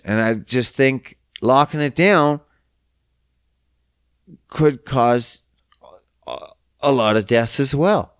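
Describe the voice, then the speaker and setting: This young podcast host from Canada vents in a casual solo rant, full of profanity, exasperation, and mockery. His medium-pitched voice is clear and resonant, recorded dry with a clean studio sound.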